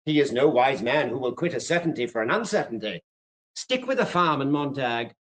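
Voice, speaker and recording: A smooth-talking fire captain who never stops needling, as a man acts him out in an old radio play. His voice sits at a middling pitch but rises and falls a great deal as he quotes poets and teases. The manner is theatrical and sly. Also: sing-song, fairly quick, lightly acted, poor audio. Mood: taunting. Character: silky, mocking male fire captain who loves quotations. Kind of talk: vintage radio drama acting.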